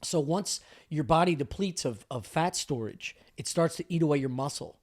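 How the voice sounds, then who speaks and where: A man co-hosting a casual podcast, telling animated stories, acting out the people in them and laughing often. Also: fairly high pitch, moderate pace. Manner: animated storyteller, acts out the people in his anecdotes, laughs often. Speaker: podcast co-host.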